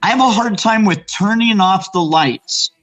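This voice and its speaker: A man with a slightly higher voice rambles through local ghost and cryptid tales, acting out the people he quotes. He stops and restarts often in a loose, conversational way. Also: measured pace, a bit bright, faint music behind, poor audio. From Arizona, raised in Los Angeles. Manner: rambling storyteller, restarts and fillers, acts out quotes. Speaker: guest. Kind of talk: casual chat about local hauntings.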